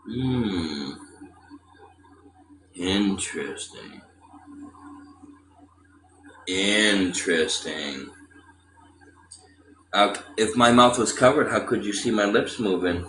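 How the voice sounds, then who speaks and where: A man from Texas chatting casually on a livestream, gruff and profane, teasing his viewers and talking to his cat. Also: on the low side, animated, unhurried, few pauses. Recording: echoey room with loud ambient noise.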